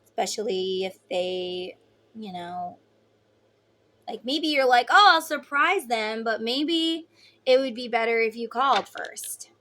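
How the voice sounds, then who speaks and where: A woman giving a casual tarot reading, blunt and swearing freely, acting out quoted voices loudly. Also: fairly high pitch, takes it slowly. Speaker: tarot reader.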